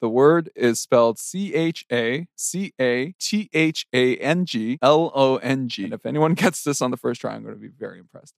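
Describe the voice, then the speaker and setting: A man's voice: medium pitch, animated, gravelly, no echo, studio quality. A man running a pronunciation quiz segment, announcing words and spelling them out. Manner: brisk, announcing, reads spellings slowly. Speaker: quizmaster producer.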